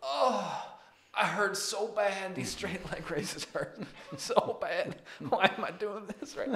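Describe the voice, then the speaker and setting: A man voicing a sore, complaining male gym-goer in a high, twangy drawl. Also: expressive, slow pace, gravelly, a bit bright, reverberant, slight background noise, full character voice. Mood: whining. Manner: groaning, complaining.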